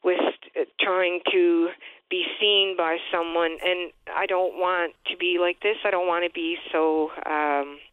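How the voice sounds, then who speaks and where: A woman in her forties calling in to a radio show, halting and hesitant with many restarts, distressed. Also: lowish voice, fairly even intonation, clean tone, no echo. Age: 40s. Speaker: caller. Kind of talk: call-in radio. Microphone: phone line. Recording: tinny phone line.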